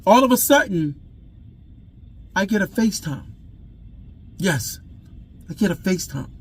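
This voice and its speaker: A father telling his own story in an intense, raw way, repeating himself and swinging between loud outbursts and hushed admissions. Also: high voice, very animated, measured pace, breathy edge. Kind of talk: emotional personal storytelling to camera.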